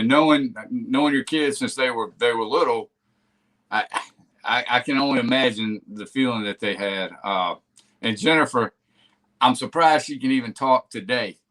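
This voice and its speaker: A man's voice: medium pitch, fairly bright tone. A man hosting a live-stream interview, chatty and repeating words as he goes. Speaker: host.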